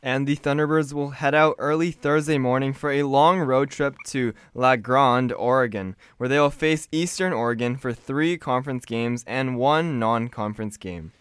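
Guy reading game results, steady and smooth, dry mic. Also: medium pitch, normal speed, hardly any pauses, no room sound. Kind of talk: read sports recap.

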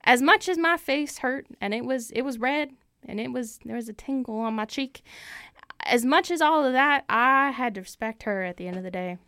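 A woman's voice: a little high, animated, normal speed, pushed and bright, smooth, no echo, clean studio sound. A woman improvising a proud, heartbroken male lone cowboy rancher, telling his tale in a folksy way and repeating phrases for emphasis. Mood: indignant folksy. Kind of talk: improvised comic storytelling.

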